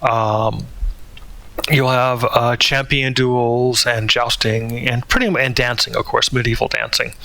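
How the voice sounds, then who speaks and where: A man's voice: medium pitch, flat delivery, measured pace, gravelly, sharp tone. A man talking through a spoken commentary in a hesitant way, with many fillers and restarts. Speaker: channel host.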